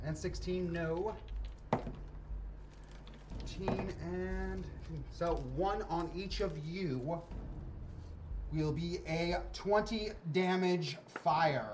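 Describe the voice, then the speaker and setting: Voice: mid-range voice, very slow, long pauses. A game master running a tabletop game, calling out dice rolls and describing the scene. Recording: distant mic with background noise.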